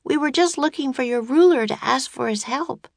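Woman doing a high eager young girl. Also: moderate pace, gravelly, no echo. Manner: bright, eager, rising questions. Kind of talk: audiobook reading.

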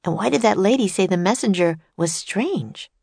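Woman voicing a cautious young boy, quiet, low, gravelly edges, dry sound. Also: lively intonation, normal speed, no room sound. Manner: quiet, hesitant, soft. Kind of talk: storybook character voice.

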